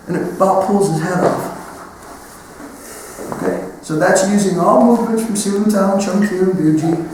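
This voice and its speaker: Instructor shouting across an echoey hall. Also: male voice, high-pitched, a little hiss or hum. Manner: instructive, talks through moves step by step. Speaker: martial arts instructor. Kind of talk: teaching a class while demonstrating. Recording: echoey hall recording from far off.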